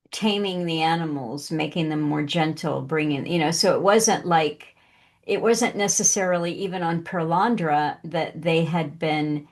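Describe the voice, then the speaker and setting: A woman with a low-pitched voice talks through her thoughts on a book in a relaxed discussion. She circles back and restarts as she works out her ideas. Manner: thinks aloud with restarts and trailing phrases. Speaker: podcast co-host.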